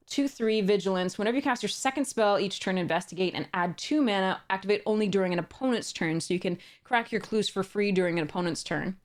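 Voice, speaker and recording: A woman talks through a card box opening in a casual, unscripted way. She reads the card text aloud in a mid-range voice and chuckles often. She trips over her words and starts sentences again. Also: medium pitch. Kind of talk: casual unboxing narration.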